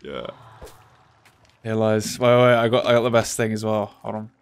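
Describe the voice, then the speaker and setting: A young man bantering excitedly with a friend while gaming. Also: lowish voice, normal speed, smooth. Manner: excitable, bossy banter with slang. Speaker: gamer. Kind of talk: casual gaming chat.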